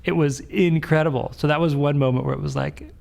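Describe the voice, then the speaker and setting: A father telling an excited story in an interview, stumbling and repeating himself. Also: a little high, fairly quick, gravelly.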